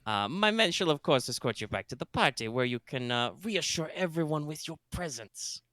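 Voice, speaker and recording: A man's voice: a little high, lively intonation, fast talker, no echo, pitched above the performer's own voice, natural voice. A man voicing a mock-polite male villain holding hostages, in a vague put-on space European accent, pompous and overly courteous. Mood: menacing.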